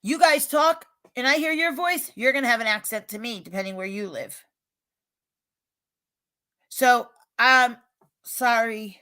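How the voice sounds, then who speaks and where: A woman with a regional American accent, rambling and emphatic as she talks straight to her livestream chat, getting loud when she is upset. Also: fairly high pitch, unhurried, long pauses. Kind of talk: casual chat, defensive and venting.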